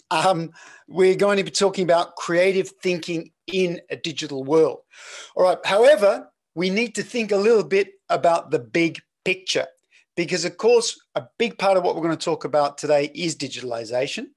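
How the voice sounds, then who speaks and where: Aussie prof guy on a webinar, high-ish voice, chatty and jokey, reads the chat out loud. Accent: Australian, slightly mixed. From Australia. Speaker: professor giving a webinar. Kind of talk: interactive online lecture.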